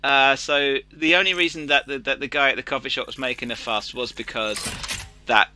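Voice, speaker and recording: A man's voice: medium pitch, fairly even intonation, fairly quick, sharp tone, slight background noise. A British man streaming a game and chatting, telling a long story with lots of restarts and fillers. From Britain. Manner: rambling storyteller with many restarts. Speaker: streamer host. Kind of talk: casual chat while gaming.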